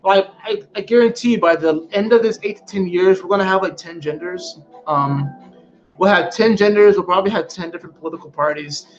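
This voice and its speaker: A man with a high voice, chatting loosely and emphatically to viewers about astrology and dropping plenty of profanity. The sound is dull and lo-fi, with faint music in the background. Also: a little fast. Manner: animated, emphatic, frequently profane. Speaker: astrology vlogger. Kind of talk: casual spiritual chat to viewers.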